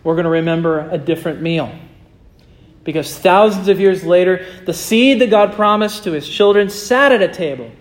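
A male pastor preaching a sermon and closing in prayer, earnest, slowing and softening his voice for emphasis. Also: high-pitched.

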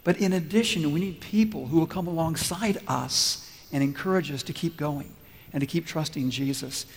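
Emphatic preacher in a reverberant hall. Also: male voice, a little high. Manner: emphatic, repeats key phrases slowly. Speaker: pastor. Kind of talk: sermon. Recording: long reverb of a large hall.

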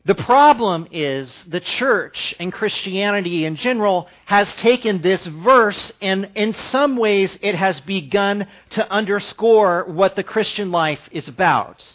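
A man's voice: high voice, lively intonation, unhurried, few pauses, highs cut off. A man preaching a sermon, reading scripture aloud, then explaining it with rising emphasis. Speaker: pastor.

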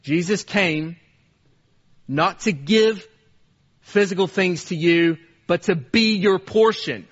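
A man's voice: high-pitched, takes it slowly, pauses often, muffled recording. A man delivering a sermon as a pastor in a church, with an earnest, repetitive preaching cadence. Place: church service.

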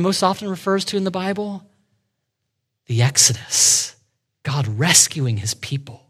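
Male pastor preaching, fairly high voice, expository, drops to a hush for emphasis. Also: lively intonation, measured pace. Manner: expository preaching with dramatic dips to a hushed voice. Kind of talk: sermon.

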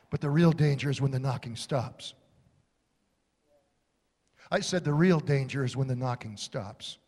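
A man preaching a sermon with impassioned delivery, building to shouts and dropping to quiet, low lines. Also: unhurried, pauses often, long reverb tail.

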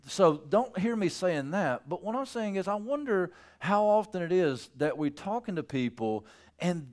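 A man preaching a sermon in a loose, conversational way, acting out characters with playful voices. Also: fairly high pitch. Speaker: pastor.

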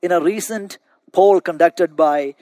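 A man's voice: sits high, unhurried, mellow, no echo. A male pastor preaching a sermon, telling a story and often repeating words as he restarts a phrase.

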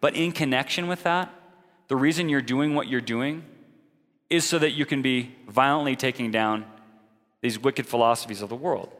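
Guy preaching a sermon, mid pitch, big hall echo, earnest and direct. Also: moderate pace, a bit bright.

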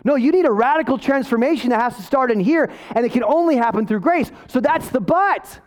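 High-voiced male pastor, energetic casual preaching with jokes and asides. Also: brisk. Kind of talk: sermon.

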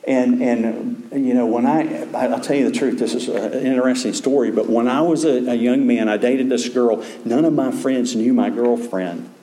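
A man's voice: medium pitch, fairly even intonation, moderate pace, hardly any pauses, slight background noise. Earnest preacher man in an echoey church. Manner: earnest preaching, swings from hushed to emphatic. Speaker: pastor. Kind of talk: sermon.

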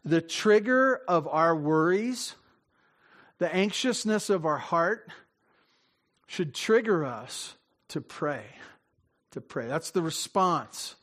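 A man's voice: on the high side, animated, takes it slowly, long pauses, a bit bright. A man giving a conversational sermon as pastor, self-interrupting, often laughing, acting out small dialogues, and asking the audience questions. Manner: asks the audience direct questions.

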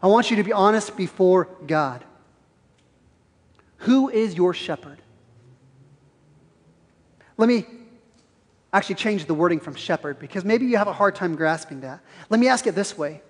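A man's voice: high voice, animated, normal speed, long pauses. A man preaching a sermon in a church, earnest and probing, asking the congregation pointed questions. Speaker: pastor. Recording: reverberant church hall.

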